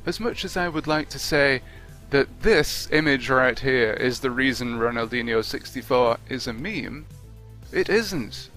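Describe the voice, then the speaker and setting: A man talking through a video game review off the cuff, his voice bright and forward. His tone is wry and conversational, with a mid-range pitch. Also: lively intonation, a little slow, faint music behind. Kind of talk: unscripted video review narration.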